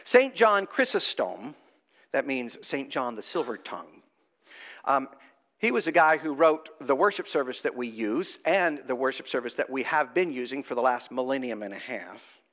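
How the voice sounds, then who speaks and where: Lively-voiced man preaching a sermon. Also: medium pitch, moderate pace. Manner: animated, conversational preaching with rhetorical questions. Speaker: priest.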